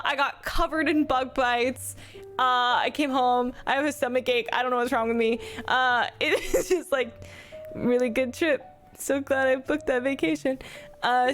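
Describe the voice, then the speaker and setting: A high-voiced woman chatting as a player in a tabletop game. She is bubbly and giggly, joking her way through the introduction. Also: steady tone, normal speed, fairly bright tone, soft background music. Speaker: player and variety streamer. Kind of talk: casual self-introduction.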